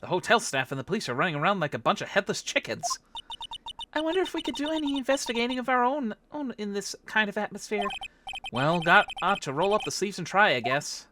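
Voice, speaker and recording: A woman's voice: mid-range voice, lively intonation, quick pace, background noise, natural voice. Woman voicing a hesitant young male lawyer. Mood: musing. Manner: polite, hesitant.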